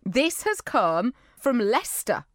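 A woman's voice: a little high, sing-song, slow pace, no room sound, studio quality. A woman from England co-hosting a podcast, chatting casually and teasing while she goes through listener mail. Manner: chatty, warm-hearted teasing. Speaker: podcast co-host.

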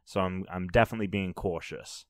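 Young male player, low voice, dry sound, careful. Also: steady tone, fairly quick, clean tone, no echo. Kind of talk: casual tabletop play.

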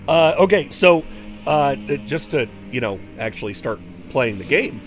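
Halting game master man, narrating. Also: medium pitch, very animated, a bit bright, faint music behind. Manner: halting, frequent fillers and laughs.

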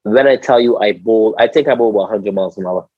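A man from Barbados with a Barbadian accent, a former cricketer telling stories in a casual conversation, animated, slangy and repeating his words. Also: fairly low pitch, rapid-fire, slightly rough, dry recording, lo-fi sound. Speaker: interview guest, former cricketer.

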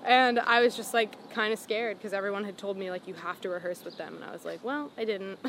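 A young woman tells a story in a loose, rambling way, filling it with "like" and "um" as she acts out what people said. Her voice sits in a middle range. A clear hum of traffic and outdoor noise runs behind her. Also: mid-range voice, fairly quick. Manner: rambling, lots of "like" and "um", animated retelling. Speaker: singer-songwriter guest. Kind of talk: casual interview storytelling.

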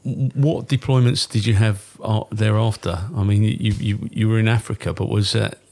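A man hosting a casual interview, chatty and supportive with quick replies. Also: fairly low pitch, steady tone, darkish tone. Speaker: interviewer, podcast host.

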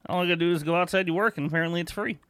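A fairly high-voiced man cohosting a podcast, loud and quick to laugh. He swears freely while telling everyday stories in casual banter. The sound is dry and close, with almost no room echo. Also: fairly even intonation, smooth. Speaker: podcast co-host. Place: podcast studio.

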